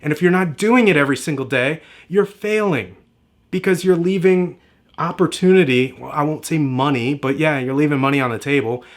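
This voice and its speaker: Speaking straight to the camera, a man delivers a marketing lesson in a fairly quick, higher-pitched voice. He coaches emphatically, repeating himself in a motivational way.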